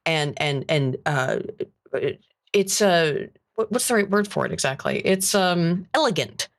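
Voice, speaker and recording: A man's voice: fairly high pitch, expressive, unhurried. A man co-hosting a casual livestream, thinking aloud in an earnest, hesitant way. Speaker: co-host.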